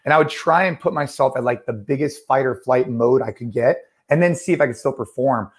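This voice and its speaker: A man's voice: mid-range voice, fairly quick. A man in his thirties co-hosting a podcast, telling a story casually with many fillers. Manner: animated storyteller, many fillers like "like" and "you know". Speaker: podcast co-host.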